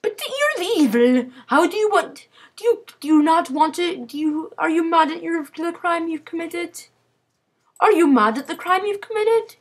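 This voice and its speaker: A woman's voice: very high-pitched, animated, moderate pace. A young woman playing a game with a friend, in silly, dramatic, exclaiming commentary. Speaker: gamer.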